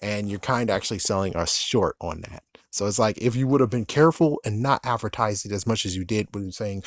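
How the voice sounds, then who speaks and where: A vlogger complains in casual, rambling commentary, often cutting himself off in exasperation. His voice is lowish and a little fast with few pauses, recorded at studio quality with no room sound.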